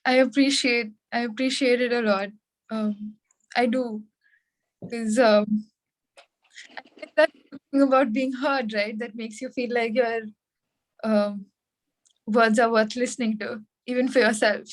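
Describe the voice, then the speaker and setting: A woman on a video call sharing thoughtfully in a workshop, pausing on "um" as she finds her words. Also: a little high, fairly even intonation. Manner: thoughtful, hesitant with "um" fillers. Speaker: workshop participant. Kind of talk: casual group sharing.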